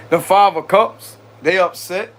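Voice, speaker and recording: High-pitched and a bit bright, a male tarot reader talks to his audience with slight noise in the background. The reading is casual and chatty, loaded with slang and frequent bursts of laughter.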